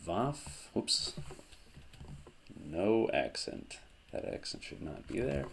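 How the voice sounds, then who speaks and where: Slow, gravelly deep-voiced man teaching. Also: very animated, a little hiss or hum. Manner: slow, methodical explaining with self-corrections. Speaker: language teacher. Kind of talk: whiteboard grammar lesson.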